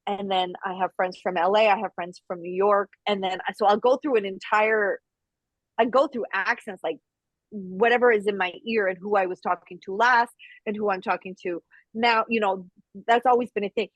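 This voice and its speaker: A woman from Canada chatting casually in an interview, lively and quick to slip into other voices and accents. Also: mid-range voice, dry recording, low-quality recording. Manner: chatty, animated, slips into quoted voices and accents. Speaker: voice actress guest.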